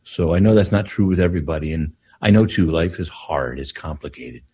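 An older man, a priest, telling stories on a call-in talk show in an unhurried way, with frequent restarts. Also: rumbling low, animated, warm tone, a little hiss or hum.

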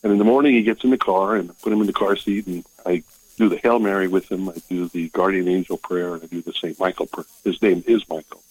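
Older man, husky, calling in. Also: low-pitched, steady tone, darkish tone, no room sound, low-quality recording. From Maryland. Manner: emotional, halting storytelling. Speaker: caller. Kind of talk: phone-in call to a radio show.

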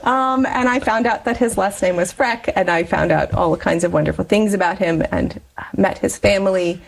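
A woman's voice: on the low side, normal speed, creaky, breathy edge, poor audio. A woman in her forties, a guest in an interview, telling a personal story in a chatty way and laughing often between phrases.

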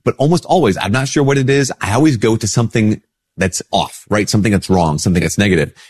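Speaking fast in a slightly rough, darkish voice, this man is a Catholic priest giving an easygoing reflection while mildly sick and congested. He stays conversational, raising his pitch to act out the replies he quotes. The audio has studio quality and no echo.

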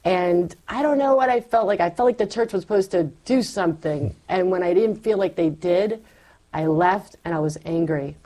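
A middle-aged woman telling her faith story in a candid, animated conversation, acting out her past self as she goes. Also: on the low side, moderate pace.

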